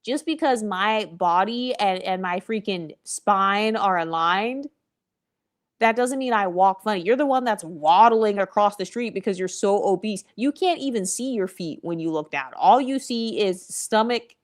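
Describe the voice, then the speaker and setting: A woman talking straight to her audience in a casual vlog, sassy and blunt. She swears freely and drops mocking asides as she airs her opinions. Her voice sits at an ordinary pitch for a woman. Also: animated, a little slow. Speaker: vlogger.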